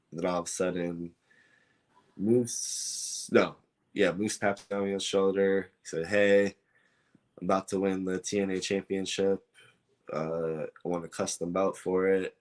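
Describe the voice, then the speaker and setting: A man's voice: low voice, fairly even intonation, measured pace, darkish tone. A man, a guest on an interview show, telling a story in a casual, rambling way with many fillers and acted-out dialogue. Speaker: belt maker, guest.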